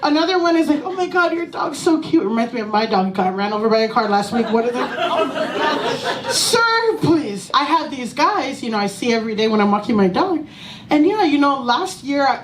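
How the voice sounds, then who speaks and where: A woman performing a profane, animated stand-up comedy set on a small club stage. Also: fairly high pitch, slight background noise. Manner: profane, animated, breaks into laughter. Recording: echoey room, mic from a distance.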